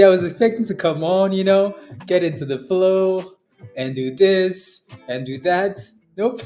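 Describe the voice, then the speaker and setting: Slow-talking emotional livestream host. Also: male voice, high voice, dark tone. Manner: emotional, laughing often, halting with many fillers. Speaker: day trading livestream host. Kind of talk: casual livestream chat.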